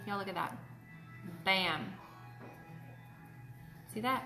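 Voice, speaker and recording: A woman's voice: medium pitch, normal speed, music in the background. A chatty woman walks viewers through a casual live makeup tutorial. Her voice sits in a middle range, and the room behind her gives it a noticeable echo. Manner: chatty, greets viewers by name. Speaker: beauty host. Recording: roomy echo.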